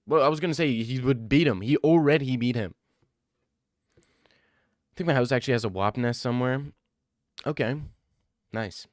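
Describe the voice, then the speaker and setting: A young man livestreams and reads his chat, firing back defensive, joking replies and saying "bro" a lot. His mid-range voice sounds dry and clean, like a studio recording.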